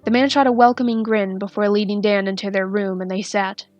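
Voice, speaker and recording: A woman narrating a fanfiction story in a steady, soft-spoken reading. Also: medium pitch, fairly quick, no room sound, highs cut off, faint music behind. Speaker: fanfiction reader.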